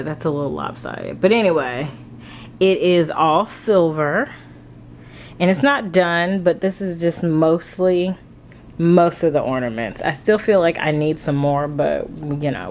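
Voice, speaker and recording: Chatty woman vlogger, lively voice. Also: deep voice, slight background noise. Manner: chatty and rambling, with frequent laughs. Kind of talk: casual vlog chat to camera.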